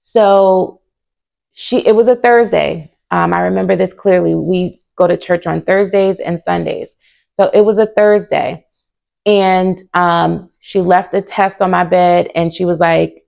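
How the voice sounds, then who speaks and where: A woman's voice: on the low side, normal speed, creaky, a little mellow. A young woman vlogger telling a personal story to camera in a casual, earnest way, full of fillers and, at times, close to tears. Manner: earnest and candid, with many fillers.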